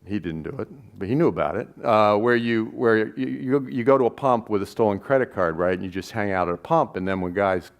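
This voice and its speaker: A man's voice: lowish voice, animated, brisk, few pauses. A man, a documentary filmmaker, telling a story to an audience in a rambling, self-correcting way with chuckles between lines. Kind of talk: live spoken storytelling.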